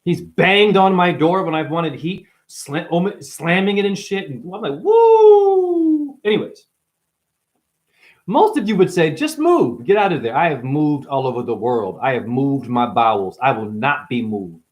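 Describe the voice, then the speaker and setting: A man from Boston rambling on a livestream, animated and swearing, jumping between topics and acting out the people in his stories. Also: fairly high pitch, normal speed. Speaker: livestream host.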